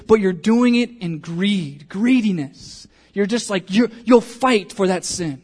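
A man preaching a sermon in church with a fairly high, light voice. He speaks earnestly, voicing the thoughts of his listeners as he goes. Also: a little slow, few pauses. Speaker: pastor.

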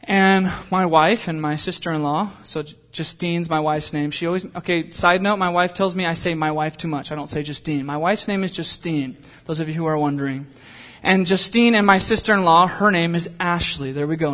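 High-voiced man preaching a casual sermon. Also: steady tone, brisk, fairly bright tone. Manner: conversational, with asides and jokes. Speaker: pastor.

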